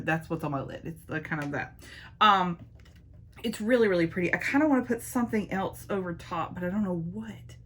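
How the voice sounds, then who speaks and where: A woman's voice: mid-range voice, a bit bright. A young woman chatting playfully through a makeup tutorial as a beauty vlogger. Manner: playful, self-teasing, talks to viewers as y'all.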